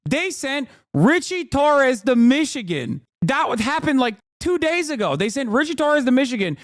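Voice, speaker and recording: A man's voice: very high-pitched, sing-song, normal speed, dry recording, studio quality. A man giving live political reaction commentary, ranting in an exasperated, profane way. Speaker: political streamer.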